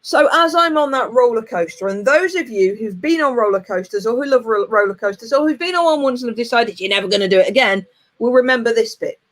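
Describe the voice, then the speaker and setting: A woman in her forties talks straight to camera as a motivational coach. Her voice sits a little high, and she tells a personal story in a lively, frank, plain-spoken way. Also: a little fast. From United Kingdom. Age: 40s.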